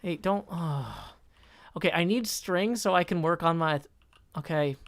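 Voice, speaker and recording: A man's voice: a little high, moderate pace, fairly bright tone, no echo, studio quality. A man streaming a game live, chatting casually, thinking aloud, cutting himself off mid-sentence and answering chat. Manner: thinks aloud, self-interrupting, reads chat. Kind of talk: casual live-stream commentary while gaming.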